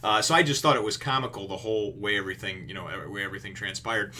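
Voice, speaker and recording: A man's voice: lowish voice, fast, sharp tone. A man recapping a comic chapter in a casual review, laughing often, swearing freely and acting out the scenes as he goes. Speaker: manga reviewer.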